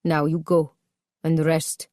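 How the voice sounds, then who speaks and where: A woman's voice: low voice, little pitch movement, slow pace, mellow, no echo, studio quality. A woman narrator voicing a cold, controlling husband who speaks in curt, menacing commands. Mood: cold, commanding.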